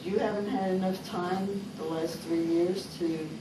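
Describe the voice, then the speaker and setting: A woman's voice: lowish voice, fairly even intonation, measured pace, background noise. A woman in a contract bargaining session, skeptically questioning the other side. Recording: distant, roomy meeting-room recording.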